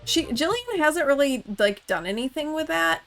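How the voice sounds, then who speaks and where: A woman's voice: sits high, sing-song, moderate pace, fairly bright tone, faint music behind. Chatty woman narrating her gameplay. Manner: chatty, talks to the game characters. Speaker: gaming channel host. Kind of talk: let's-play commentary.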